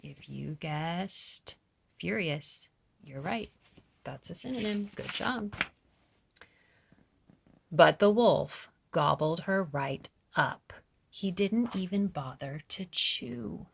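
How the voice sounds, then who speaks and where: A woman teacher reading a storybook aloud to children, stopping to explain words in a gentle, encouraging way. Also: lowish voice, lively intonation, slow pace, vocal fry, pauses often, slightly rough.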